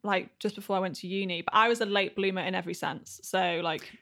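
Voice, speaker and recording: A woman's voice: medium pitch, steady tone, fast, creaky, sharp tone. A young woman, a podcast guest talking about herself in an upbeat, self-effacing way. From Yorkshire, north of England. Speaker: guest, blogger. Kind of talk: casual interview chat.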